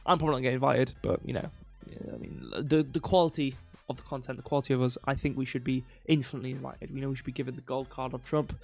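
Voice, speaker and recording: A man hosting a crypto livestream in casual chat, rambling, restarting sentences and reading chat aloud while slowly losing his voice. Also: mid-range voice, fairly even intonation, vocal fry, faint music behind. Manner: rambling, self-interrupting, reads chat aloud. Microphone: desk mic.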